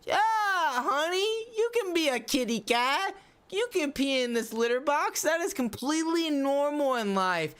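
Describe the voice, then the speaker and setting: A man's voice: very high-pitched, expressive, a little slow, fairly bright tone, voice pushed up, exaggerated voice. A man voicing a doting, permissive parent in a mocking sing-song way.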